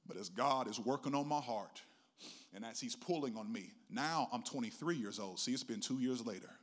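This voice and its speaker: Telling his own story during a sermon, this middle-aged pastor uses a musical preaching rhythm that grows from soft to booming. Pitch is medium and the speed is normal.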